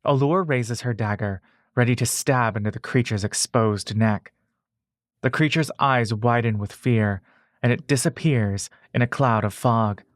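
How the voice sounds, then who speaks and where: A man reading a fantasy story aloud at an unhurried pace, steady and measured. The sound is dry and close, with no room around it. He speaks to the listener as "you" throughout. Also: medium pitch, dry recording. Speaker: narrator. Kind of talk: second-person audiobook narration.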